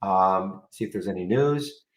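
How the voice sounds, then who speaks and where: A man talks through market news on a live trading stream, answering viewers with dry, meandering asides. His voice sits on the low side. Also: a little slow, rough recording. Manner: rambling, wry, talks to chat viewers. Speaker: trading room host.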